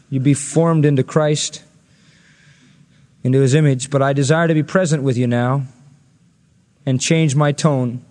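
A man's voice: fairly high pitch, a little mellow, long reverb tail. A male pastor preaching an expository sermon, earnest and rising to emphatic peaks when quoting scripture.

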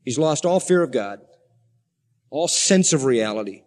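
A man's voice: medium pitch, lively intonation, measured pace, long pauses. Guy pastor preaching, earnest, gets fired up, long echo like a big church. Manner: earnest preaching, rising to fervent emphasis. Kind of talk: sermon.

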